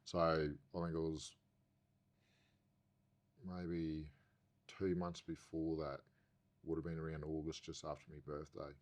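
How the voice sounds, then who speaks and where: A man's voice: very deep voice, flat delivery, slow, pauses often. An Australian man, a podcast guest, telling a story in casual, rambling talk and swearing constantly.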